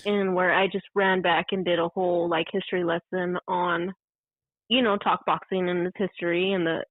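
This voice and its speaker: A woman's voice: lowish voice, no echo. Woman on a tinny phone line. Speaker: guest caller. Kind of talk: casual chat.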